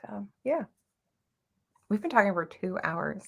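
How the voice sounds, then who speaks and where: Woman, American accent, young adult, gravelly, giggly, casual chat. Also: medium pitch, sing-song, unhurried. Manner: giggly, joking, laughs often. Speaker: booktuber host.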